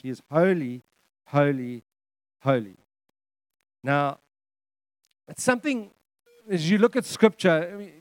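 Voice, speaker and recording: Middle-aged male pastor, slightly high voice, dry close sound, preaching with emphatic repetition and frequent restarts. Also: dry recording. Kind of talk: sermon.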